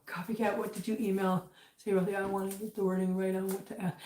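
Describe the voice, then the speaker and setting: A woman's voice: medium pitch, level tone, fast talker, heavy background noise. A woman hosting a casual livestream from her kitchen, chatty and emotional, cooing at her cats between chatting with viewers. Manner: emotional, chatty, coos baby talk at cats. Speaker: livestream host. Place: home kitchen. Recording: roomy echo, voice from far off.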